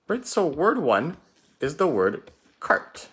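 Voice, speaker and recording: A man teaching an online spelling lesson, reading words slowly and spelling them out letter by letter. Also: a little high, a little hiss or hum. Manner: slow, drawn-out letter-by-letter dictation; lively, up-and-down teacher intonation.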